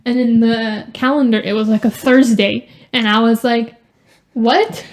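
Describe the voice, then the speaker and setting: A young woman co-hosting a casual sibling podcast, telling animated stories full of "like". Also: on the high side, normal speed. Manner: animated storytelling with lots of "like". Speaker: podcast co-host.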